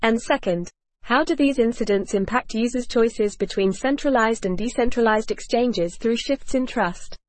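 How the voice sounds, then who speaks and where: A woman's voice: fairly high pitch, moderate pace. A woman hosting a scripted podcast discussion in a polished, evenly read delivery. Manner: polished, evenly read, reads cue notes aloud. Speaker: podcast host.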